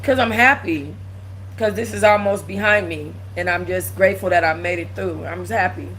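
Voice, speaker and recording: A woman's voice: fairly low pitch, normal speed, fairly bright tone, slight background noise, low-quality recording. Blunt, emotional woman streamer. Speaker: channel host. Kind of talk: casual livestream chat.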